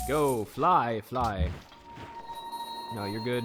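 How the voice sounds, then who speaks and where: A man's voice: fairly low pitch, animated, fairly quick, over music. A man hosting a let's play, giving casual, rambling gameplay commentary and talking to himself and the game. He jokes often and slips into goofy voices and bits of song.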